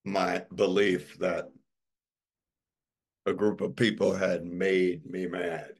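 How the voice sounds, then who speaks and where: A male pastor delivering a sermon, slow and emphatic, leaning on dramatic repetition. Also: low voice, flat delivery.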